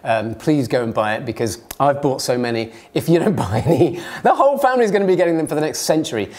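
A man's voice: mid-range voice, lively intonation, quick pace, darkish tone. Playful man with a swooping voice. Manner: jokey, theatrical, gleeful. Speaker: science presenter. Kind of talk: playful science demonstration.

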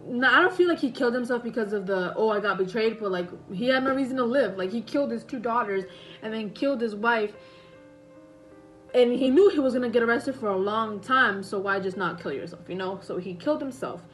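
A woman's voice: on the high side, brisk, soft background music, poor audio. A young woman casually retelling a story to her viewers, rambling and correcting herself with many fillers. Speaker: vlogger.

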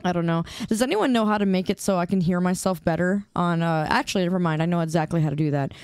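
A woman's voice: on the low side, fast, darkish tone, clean tone, dry recording. A young woman streamer chatting with her viewers in a playful, teasing, mock-indignant way, on a streaming mic. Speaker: game streamer. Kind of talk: casual live-stream chat. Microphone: desk streaming mic with headphones.

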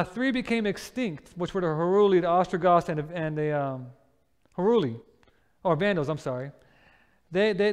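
A man preaching a sermon and presenting a Bible series, telling lively everyday stories, acting out the people in them and putting questions to his listeners. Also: high-pitched, smooth. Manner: animated storytelling, acts out everyday scenes and voices, asks the listeners questions. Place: church sanctuary. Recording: long reverb of a church hall.

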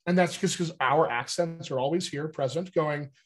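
Brief: male dialect coach, slightly high voice, lively and chatty, explains things like a teacher. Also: normal speed. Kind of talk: casual explanatory teaching talk.

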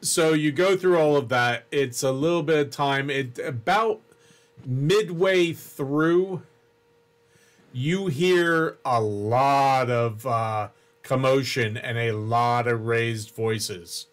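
A man running a tabletop game as game master, describing scenes in a halting, unhurried way with many restarts. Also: mid-range voice.

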